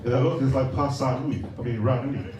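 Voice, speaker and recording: With a crowd audible behind him, a middle-aged man from Samoa talks fairly quickly in a mid-range voice, giving a hesitant, filler-heavy, joking speech at a birthday party. He holds a mic in a big party hall, and the distant recording is echoey and noisy.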